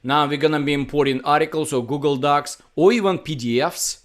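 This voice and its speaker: A man explaining his software product on a casual video call, halting and searching for words. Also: fairly high pitch. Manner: halting, many fillers and restarts, non-native phrasing. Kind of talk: casual product demo chat.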